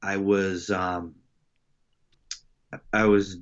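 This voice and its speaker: Low-voiced middle-aged coach guy, lots of ums and restarts, kinda muffled audio. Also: little pitch movement. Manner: halting, many fillers and restarts. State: emotional. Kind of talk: casual interview storytelling. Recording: dull lo-fi sound.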